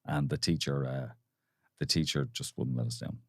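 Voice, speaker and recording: An Irish man in his fifties, a TV presenter chatting casually and telling relaxed anecdotes. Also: a bass voice, moderate pace, creaky, dry recording, clean studio sound. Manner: relaxed anecdotes, puts on voices for fun. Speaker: TV presenter, guest. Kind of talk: casual chat.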